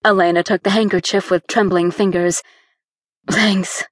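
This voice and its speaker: A woman reading a romance novel aloud as audiobook narrator, with steady storytelling that lifts on key words. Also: mid-range voice, moderate pace, no echo, clean studio sound. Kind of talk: scripted narration.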